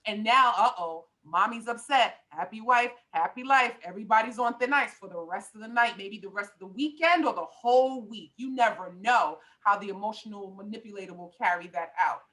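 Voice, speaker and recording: A woman's voice: mid-range voice, a little fast, hardly any pauses, fairly bright tone, low-quality recording. A middle-aged woman life coach talking on a podcast, passionate and emphatic, with lots of preacher-like repetition. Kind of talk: podcast conversation.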